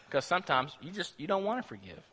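Preacher guy giving a sermon, kinda high pushy voice, big hall echo. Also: big pitch swings, quick pace, bright, forceful tone, breathy edge. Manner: emphatic, rhetorical questions to the congregation.

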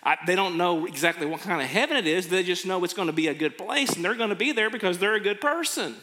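A man preaches in an earnest, storytelling way, now and then acting out how people react. His voice sits a little high and sounds bright and forceful. A long reverb trails each phrase, like a big church hall. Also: animated, fast. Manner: earnest, acts out quoted reactions. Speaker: pastor. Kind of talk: sermon.

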